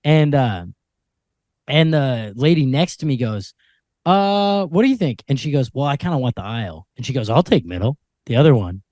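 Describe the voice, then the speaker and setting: A laid-back man co-hosts a comedy podcast and chats casually about a trip. His pitch sits in the middle range, and the sound is dry and close to the mic. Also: expressive, fairly quick, a little mellow, no room sound. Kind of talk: casual chat. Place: podcast studio.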